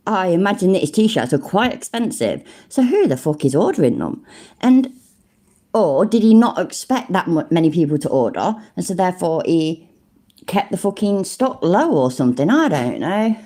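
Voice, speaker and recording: Woman, British accent, livestream commentator, blunt, slangy, swearing, warm dark tone, lively pitch. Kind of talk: live reaction commentary.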